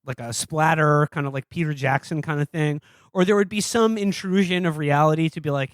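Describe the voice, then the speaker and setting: A man's voice: fairly high pitch, brisk, dry recording. A man co-hosting a podcast, rambling and sardonic as he reviews a film in casual, profane chat. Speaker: podcast co-host.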